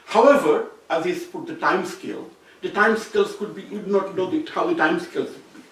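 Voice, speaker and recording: A man's voice: high voice, brisk, a bit bright, distant mic. Man lecturing in a very echoey room. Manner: explanatory, circling back to rephrase points. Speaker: seminar speaker. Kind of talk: academic lecture. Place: seminar room. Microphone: distant room mic.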